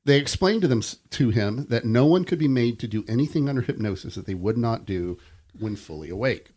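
A man's voice: medium pitch, lively intonation, fairly quick, a little mellow. A man co-hosting a podcast, reading creepy stories aloud between casual chat and laughing easily.

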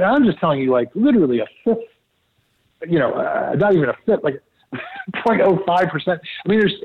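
A man, a TV producer, telling animated, laughing anecdotes in a casual interview, with frequent fillers. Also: fairly high pitch, husky, no room sound, phone-quality sound. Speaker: TV producer, guest.

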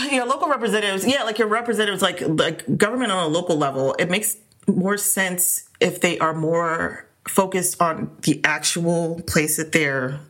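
A woman co-hosting a podcast in casual chat, animated, often laughing and restarting her sentences. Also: lowish voice, normal speed.

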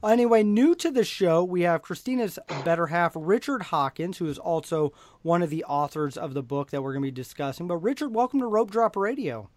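Teasing man host, slightly high voice. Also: expressive, fairly quick, few pauses, darkish tone, no echo. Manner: teasing, upbeat. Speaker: podcast host. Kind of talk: casual podcast chat. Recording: dry close audio.

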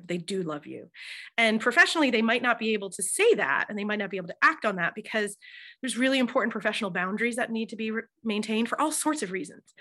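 A middle-aged woman, a hospice chaplain, telling stories in an interview with emphatic, animated delivery and frequent fillers. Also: medium pitch. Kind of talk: conversational storytelling interview.

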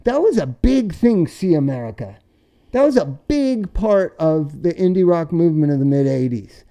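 Brief: middle-aged male podcast host, mellow dark tone, swears freely, spins tour stories. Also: fairly high pitch, moderate pace. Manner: loud, profane and animated when telling stories. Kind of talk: casual storytelling chat.

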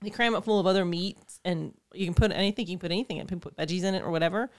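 A woman's voice: on the low side, rapid-fire, a little mellow, dry recording, studio quality. A woman chatting casually with friends, with laughing asides. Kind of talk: casual chat.

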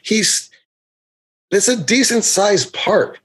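A man's voice: high voice, expressive, takes it slowly, fairly bright tone, breathy edge. A man co-hosting a podcast, telling a long story in casual chat and acting out the quotes with big jumps in his voice. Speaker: podcast co-host.

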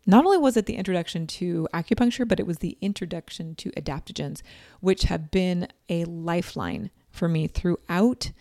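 A woman in her forties telling a personal story in a chatty, animated way, acting out quoted lines. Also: fairly low pitch, moderate pace, no room sound, clean studio sound. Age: 40s.

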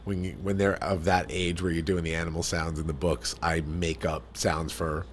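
A man from the New York area, telling family stories in casual podcast chat, animated and full of restarts. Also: low-pitched, normal speed, slight background noise. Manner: animated storyteller, restarts sentences.

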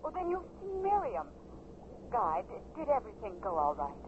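An actress playing a loving, anxious young woman in a 1950s radio drama, gentle and soothing. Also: on the high side, wildly swooping pitch, moderate pace. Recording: muffled, hissy 1950s radio broadcast.

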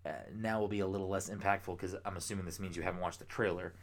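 A young man co-hosting a podcast, chatting casually, rambling with excitement and swearing freely. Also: low-pitched, rapid-fire. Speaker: podcast co-host. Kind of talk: casual chat.

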